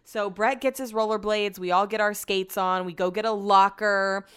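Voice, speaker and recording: A woman's voice: mid-range voice, fairly even intonation, normal speed, a bit bright, smooth. A woman hosting a podcast, telling a story in a chatty, sarcastic way and swearing freely. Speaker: podcast host.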